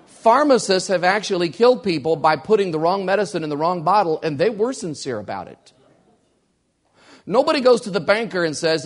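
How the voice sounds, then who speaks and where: A man's voice: high voice, animated, normal speed. A man preaching a sermon as pastor, emphatic and repeating key lines for weight.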